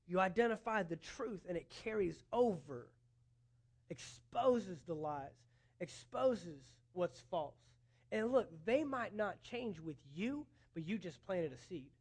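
A man's voice: high voice, expressive, takes it slowly, a little mellow, slightly rough. A man preaching a sermon as a pastor, earnest, with rising emphasis, quoting imagined dialogue.

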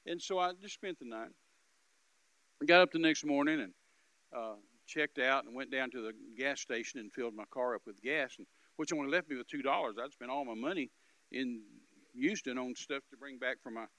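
A man telling a story in a sermon, dramatic and swinging between quiet narration and loud outbursts. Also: mid-range voice, no echo, rough recording. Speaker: preacher.

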